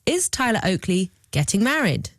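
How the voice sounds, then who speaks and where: A woman's voice: mid-range voice, sing-song, normal speed, no echo, studio quality. A woman reading quiz questions aloud in a radio game. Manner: reads questions out like prompts.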